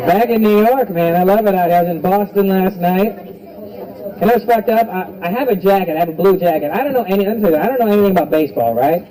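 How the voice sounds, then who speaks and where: A man's voice: high-pitched, fast talker, low-quality recording. A man doing a stand-up comedy set on a club stage, joking loosely and with a lot of swearing, working the crowd and doing voices. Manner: loose, profane crowd work with animated impressions. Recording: live club recording with crowd. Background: audience laughter.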